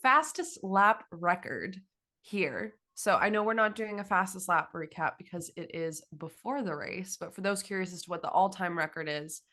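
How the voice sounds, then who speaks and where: A woman's voice: lowish voice, normal speed, bright, forceful tone. A woman from Canada co-hosting a podcast, chatting in an upbeat way and reading out facts. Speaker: podcast co-host. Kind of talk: casual chat.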